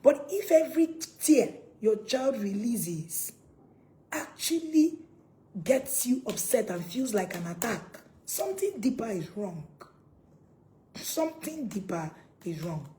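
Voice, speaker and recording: Animated woman lecturing parents. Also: fairly high pitch, slow pace, a little hiss or hum, rough recording. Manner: preachy, asks viewers questions, repeats points, bursts into loud acted scolding. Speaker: parenting coach. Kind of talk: direct-to-camera parenting talk.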